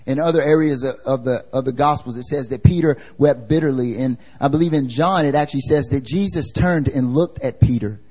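A man's voice: mid-range voice, brisk, few pauses, warm tone, soft background music. Casual, slangy man preaching a sermon. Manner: casual and slangy, asks the congregation questions. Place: church service.

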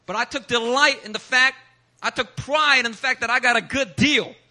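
A male pastor from Philadelphia with a high, very bright and tense voice preaches to a church congregation. He tells a story with humor and animation, acting out the other people's lines. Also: normal speed. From Philadelphia, USA. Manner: animated, humorous, acts out quotes. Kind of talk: sermon with personal storytelling. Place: church service.

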